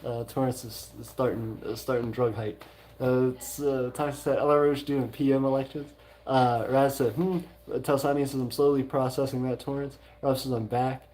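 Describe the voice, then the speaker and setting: A man's voice: medium pitch, little pitch movement, moderate pace, darkish tone. A man with a Southern US accent hosting a livestream, reading viewer messages aloud in a casual, hesitant way with many fillers. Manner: hesitant, many "uh" fillers, reacts with mild exclamations. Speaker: livestream host.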